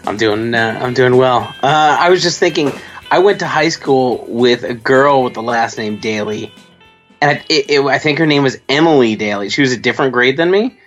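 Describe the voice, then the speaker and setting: A man's voice: medium pitch, moderate pace, a bit bright, soft background music. Hesitant male co-host, dull sound. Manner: hesitant, filler-heavy recollection. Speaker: podcast co-host. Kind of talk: casual chat.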